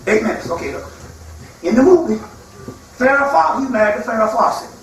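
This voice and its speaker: A man's voice: very high voice, very animated, a little fast. Male lecturer, colloquial storyteller who acts out his quotes; very echoey room, faint background hiss. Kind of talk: spiritual lecture to a live audience. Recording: echoey hall from far off, faint noise.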